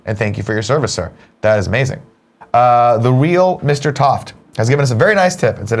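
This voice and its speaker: A man hosting a morning talk show, reading viewer tips aloud in a wry, animated way, a little stuffed up. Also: medium pitch. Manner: wry, animated, swears casually. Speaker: host.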